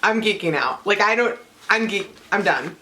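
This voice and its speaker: A young woman chatting excitedly as she unboxes beauty products for her channel, gushing and exclaiming with lots of fillers. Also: mid-range voice, normal speed, a little hiss or hum. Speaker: beauty vlogger.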